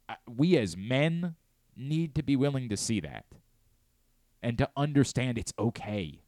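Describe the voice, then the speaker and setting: Lively in intonation and at a normal speed, a late-thirties man hosts sports talk radio, earnest and candid, often starting sentences over. Picked up by a close mic in a radio studio with no echo, his mid-range voice comes across a little mellow.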